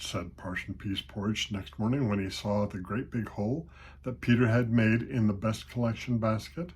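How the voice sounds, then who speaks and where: An older man with a husky voice reading a children's storybook aloud at a steady, unhurried pace. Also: lowish voice.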